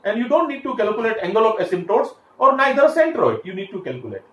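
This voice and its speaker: A man's voice: high-pitched, wildly swooping pitch, fast talker, a bit bright, highs cut off. A man teaching a classroom lecture, explaining step by step with frequent fillers and restarts. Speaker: engineering lecturer. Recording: echoey room, faint background hiss.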